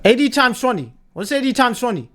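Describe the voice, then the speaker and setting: A young adult streamer rants to live chat while doing tier-list commentary, hammering points over and over and swearing constantly. The voice is mid-range and brisk with big pitch swings and a slightly bright tone, plus a little hiss or hum.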